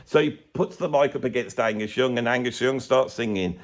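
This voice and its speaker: A man's voice: medium pitch, moderate pace. A man giving a rambling, sarcastic, comedic rant as a YouTube commentator. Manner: rambling, sarcastic, self-mocking.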